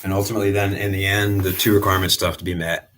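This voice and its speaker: A man's voice: sits low, flat delivery, rapid-fire, noisy background. A man giving a rambling, repetitive spiritual monologue as a channeler, with frequent restarts.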